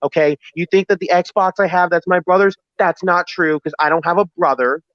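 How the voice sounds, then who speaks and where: A man on a live stream who answers every jab defensively and says the same line again and again as he explains how he feels. His voice sits a little high. The sound is dry and dull, like low-fi stream audio. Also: fairly quick, fairly bright tone, no room sound. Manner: defensive, repeats himself, explains his feelings. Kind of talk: heated live-stream argument.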